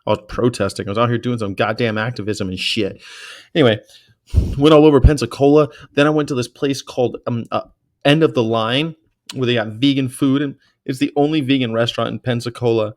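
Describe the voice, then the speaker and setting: A man vlogging as a vegan activist, telling stories in a casual, rambling way that is excitable and full of profanity. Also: medium pitch, a little fast.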